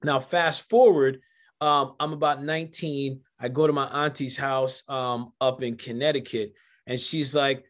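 A man hosting a casual conversation, telling animated stories and acting out the voices of people in them. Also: mid-range voice, a little slow. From United States, Jamaican family. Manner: animated storyteller, acts out quoted voices. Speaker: podcast host.

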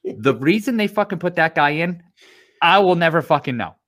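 A man co-hosting a casual podcast, ranting in an animated, profane way. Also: fairly high pitch, moderate pace. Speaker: podcast co-host. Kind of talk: casual chat.

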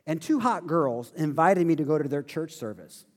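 A man preaching a sermon in a high, lively voice that swings up and down as he tells a story. He slips in self-deprecating jokes and keeps the storytelling animated. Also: normal speed. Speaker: pastor.

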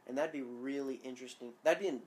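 A woman from Georgia co-hosting a podcast in casual chat, animated and laughing often. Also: a bass voice, fast talker, a little hiss or hum. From Georgia, USA. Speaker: podcast co-host.

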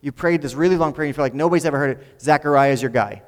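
A man's voice: fairly high pitch, racing, long reverb tail. A man preaching a sermon in a conversational way, often repeating words as he builds a point. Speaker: pastor.

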